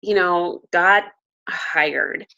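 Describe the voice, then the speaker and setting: A woman's voice: lowish voice, extremely slow, gravelly, bright, forceful tone. Earnest woman host, slightly dull audio. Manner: earnest, affirming interjections. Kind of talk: talk show conversation.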